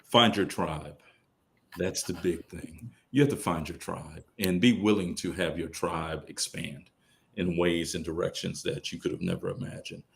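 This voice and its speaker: A middle-aged man speaking as a podcast guest, telling colloquial stories, acting out other people's lines, and swinging from loud bursts to hushed asides. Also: low-pitched, steady tone, normal speed, vocal fry, slight background noise. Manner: colloquial, quotes others in character. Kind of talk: casual storytelling on a podcast.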